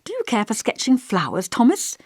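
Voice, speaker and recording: A woman reading an audiobook and voicing a kindly, hesitant male village vicar with a gentle, scholarly voice. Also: fairly low pitch, sing-song, moderate pace, no echo. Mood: genial. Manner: kindly, hesitant, over-polite. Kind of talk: audiobook character voice.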